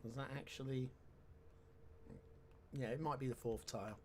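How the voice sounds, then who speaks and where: A man's voice: medium pitch, steady tone, normal speed, a little mellow, a little hiss or hum. Wry man talking through a game. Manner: chatty and wry, with sarcastic asides. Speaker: game commentator. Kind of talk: casual let's-play commentary.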